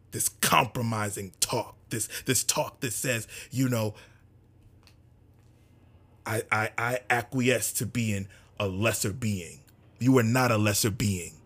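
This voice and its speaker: Speaking to his community, a man delivers a fervent, repetitive monologue, shifting between raised emphasis and near-whispers. His voice sits lowish, a bit bright and slightly rough.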